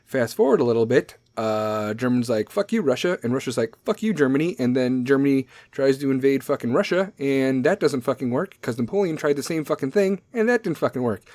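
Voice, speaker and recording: A man's voice: medium pitch, lively intonation, fairly quick, few pauses, a little mellow, no echo. A man hosting a talk show, casually riffing on history dates with lots of profanity, sarcasm and his own laughter. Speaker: podcast host.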